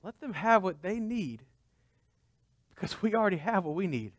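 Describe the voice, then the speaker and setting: Guy pastor preaching casual, kinda higher voice, lots of questions at the crowd. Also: expressive, moderate pace, no echo. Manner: conversational preaching with rhetorical questions. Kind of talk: sermon.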